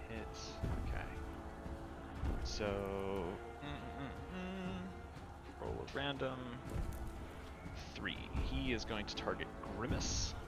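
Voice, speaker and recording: A man's voice: medium pitch, very animated, slow, pauses often. A man acting as dungeon master, calling out saves and damage in a matter-of-fact way. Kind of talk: running a tabletop game. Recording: music playing behind.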